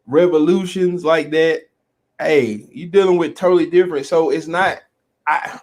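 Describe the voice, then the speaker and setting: A man speaking as a podcast guest in calm, reflective casual chat. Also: a little high.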